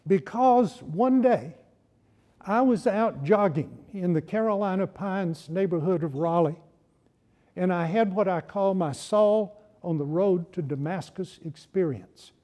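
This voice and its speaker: A man with a high, warm voice lectures to a campus audience. He tells his points as stories, slipping in wry jokes. The tone stays mellow and relaxed. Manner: humorous storytelling, wry asides. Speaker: historian giving a lecture.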